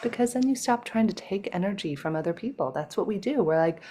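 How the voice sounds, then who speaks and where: A woman guest in a casual interview over a video call, moving between animated storytelling and soft, slow guided-breathing instructions. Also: mid-range voice. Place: home, in Toronto.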